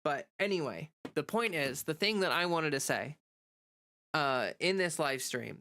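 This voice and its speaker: A woman's voice: deep voice, a bit bright. Stuffy-nosed woman chatting on a livestream. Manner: rambling, chatty, many fillers. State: stuffy, nasal voice from a cold. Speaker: livestreamer and content creator. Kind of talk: casual livestream chat.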